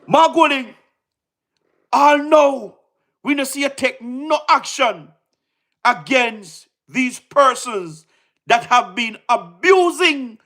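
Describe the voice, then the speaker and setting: A Jamaican man with a very high voice does casual livestream commentary at a slow pace, though his talk has an excitable rush to it. He repeats words, peppers viewers with rhetorical questions and laughs often between points.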